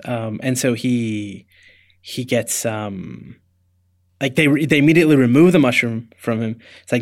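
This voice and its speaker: A man's voice: mid-range voice, moderate pace. A man co-hosting a podcast, recapping a TV episode emphatically, with frequent restarts. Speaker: podcast co-host. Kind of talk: casual chat recapping a TV episode.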